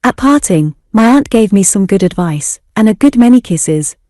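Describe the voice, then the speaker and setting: A woman narrating an audiobook story for English learners in a steady, clear reading. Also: mid-range voice, normal speed, no room sound, studio quality.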